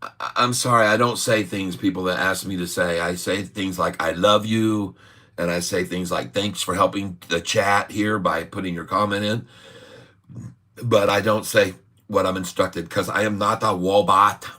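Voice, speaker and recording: Rambling, jokey stock-stream host with a bright voice. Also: male voice, low-pitched, steady tone, moderate pace. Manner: rambling and jokey, drifts between topics. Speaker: day-trading livestream host. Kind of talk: casual livestream stock commentary.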